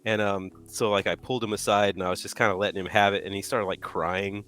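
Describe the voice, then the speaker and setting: A man co-hosting a live painting stream, telling stories in a loud, animated way and laughing often. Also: fairly low pitch, fast talker. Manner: animated storyteller, acts out yelling, laughs a lot. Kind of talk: casual chat, telling stories.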